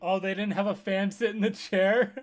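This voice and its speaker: A young man chatting casually online with friends, excitable and quick to laugh. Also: high-pitched. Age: young adult.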